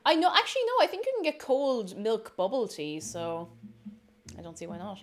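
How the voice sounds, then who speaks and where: A woman's voice: a little high, very animated, normal speed. A young woman chatting casually on a live stream, reading chat aloud and talking with her mouth full. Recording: faint music behind.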